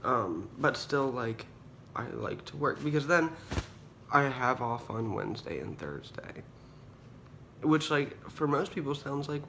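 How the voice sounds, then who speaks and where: Expressive and unhurried, a young vlogger rants casually on his phone from a hospital room, where he's an unwell patient awaiting kidney surgery; he's dramatic, swears, and says "like" a lot. His mid-range voice is gravelly and fry-heavy yet fairly bright in tone, with a faint room hum behind it.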